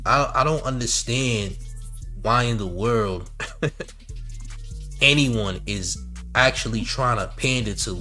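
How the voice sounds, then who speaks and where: A man riffs on a livestream, bright-toned and animated. He mocks and reads out chat comments in a loose, casual style. Faint music sits underneath his talk. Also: medium pitch, takes it slowly, long pauses. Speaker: commentary host.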